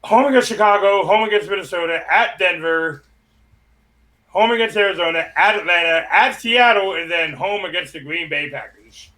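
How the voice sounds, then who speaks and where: A man's voice: high-pitched, normal speed, sharp tone. A man co-hosting a casual football talk show, running through a roster and schedule and laughing at how bad it looks. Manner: laughs while listing team names and schedules. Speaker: podcast co-host. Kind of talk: casual sports chat.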